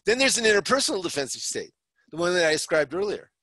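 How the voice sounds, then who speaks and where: A man's voice: sits high, sing-song, fast talker, bright, forceful tone, no echo. A man teaching psychology in an explanatory talk, checking in with frequent "okay?" and acting out short example dialogues.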